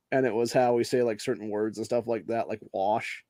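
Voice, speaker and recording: Cursing nonstop and sprinkling in "dude" and "bro," this Ohio podcast host rambles through gripe after gripe in a profane, casual rant of a monologue. His dark, middle-pitched voice keeps fairly even intonation at normal speed. The close, dry recording has no echo or room sound.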